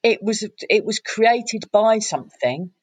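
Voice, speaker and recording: Lady coach chatting away, husky voice, dry close sound, does all the voices. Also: medium pitch, unhurried, no echo. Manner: animated, acts out quoted voices, frequent restarts. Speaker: coach and guest. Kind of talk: conversational storytelling.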